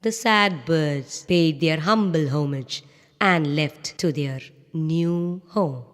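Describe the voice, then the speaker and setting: A woman narrates a children's fable. She tells it slowly and expressively, chatting to young listeners. Long reverb trails her voice. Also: deep voice. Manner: lively, expressive, talks to listeners. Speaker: storyteller.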